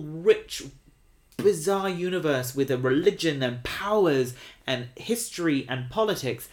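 A man's voice: fairly high pitch, expressive, measured pace. A tipsy man co-hosting a podcast, ranting bluntly and swearing in casual chat. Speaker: podcast co-host.

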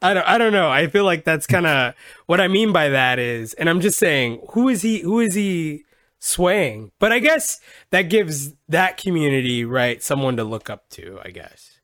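A man hosting a podcast, joking and swearing in loose, animated banter. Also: on the high side, normal speed, no echo, studio quality. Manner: animated, profane, jokey. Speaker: podcast host. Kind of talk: casual podcast chat.

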